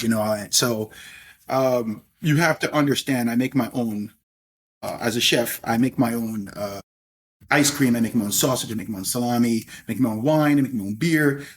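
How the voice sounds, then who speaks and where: A middle-aged man speaks as a podcast guest with a husky voice. He tells stories in a rambling, chatty way and often tacks on "if you will". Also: mid-range voice. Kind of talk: casual storytelling interview.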